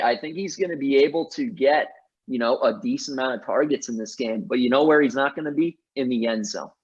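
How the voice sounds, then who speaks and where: Man, husky voice, emphatic sports chat, dull lo-fi audio. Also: medium pitch, brisk, darkish tone. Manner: emphatic, argues his picks with many restarts. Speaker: sports podcast co-host. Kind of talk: casual sports analysis chat.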